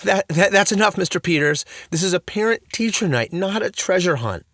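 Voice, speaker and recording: A man's voice: on the high side, animated, slow, creaky, a bit bright, no echo, studio quality, voice pushed up, full character voice. A man voicing a flustered, strict female school principal who scolds in a shaky, insistent way, in a storybook reading. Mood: scolding.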